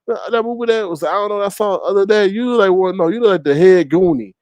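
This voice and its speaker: A man's voice: fast, a little mellow, no echo. A man hosting a livestream, roasting people in a sassy, theatrical way. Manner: sassy, theatrical, swings pitch. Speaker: livestream host. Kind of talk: casual roast commentary.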